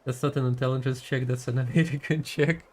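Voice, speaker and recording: A man's voice: mid-range voice, steady tone, quick pace, darkish tone, a little hiss or hum. A man giving casual gaming commentary as a streamer, chatty and giggly, rambling as he talks.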